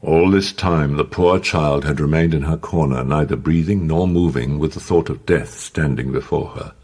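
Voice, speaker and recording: Deep dramatic male audiobook narrator. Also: normal speed. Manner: expressive, dramatic.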